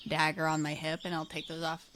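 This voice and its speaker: A woman's voice: low voice, completely flat delivery, brisk, a bit bright, slight background noise. A woman playing a tabletop game, talking in a casual, wry way. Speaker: player.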